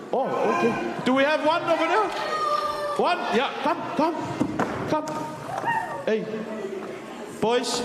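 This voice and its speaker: A man's voice: extremely high pitch, very noisy. A man working as MC at a dance show, teasing kids on stage and hyping up the crowd. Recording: echoey hall with music and crowd. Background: music and an audience.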